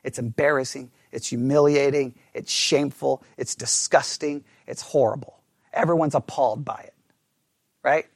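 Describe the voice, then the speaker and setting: A man delivering a sermon with emphasis, putting rhetorical questions to his listeners and sometimes dropping to a hushed, low delivery. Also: steady tone, moderate pace, gravelly, no room sound, clean studio sound. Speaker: preacher.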